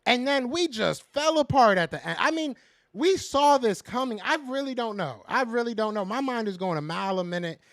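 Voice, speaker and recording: A man's voice: very high voice, expressive, brisk, fairly bright tone, dry recording, studio quality. A man hosting a casual fan podcast, ranting in frustration, repeating himself and answering viewers' chat. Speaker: podcast host reading live chat.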